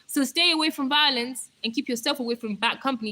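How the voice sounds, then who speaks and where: A young woman rambles playfully to her live stream viewers, picking up their comments as she goes. Her voice is bright and fairly high, with a slight hoarseness from talking. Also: fast talker, rough recording. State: voice going hoarse.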